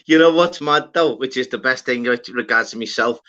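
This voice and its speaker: A man's voice: mid-range voice, fairly quick, bright, forceful tone. Slangy Scouse man on a dull live stream. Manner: slangy, rambling, swears a lot. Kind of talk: casual chat.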